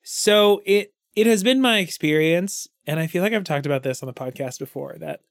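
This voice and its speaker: A man's voice: a little high, normal speed, vocal fry, no echo. A man co-hosting a comics podcast, joking crudely and giggling in casual chat. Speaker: podcast co-host.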